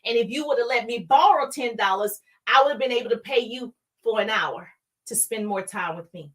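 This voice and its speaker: A woman's voice: on the high side, a little fast, a bit bright, lightly acted. A woman acting out a sad five-year-old boy explaining himself to his father in a told story.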